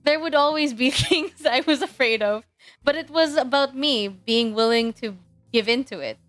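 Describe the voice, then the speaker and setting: A young woman streaming, reading a dating game aloud in a giggly, animated way. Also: high voice, moderate pace, dry recording, soft background music.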